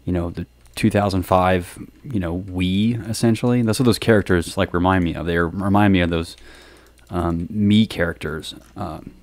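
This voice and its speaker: A man's voice: low voice, steady tone, normal speed, no room sound. A man hosting a casual monologue, talking loosely with lots of ums, restarts and small chuckles. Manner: hesitant, many ums and restarts, chuckling asides. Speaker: podcast host.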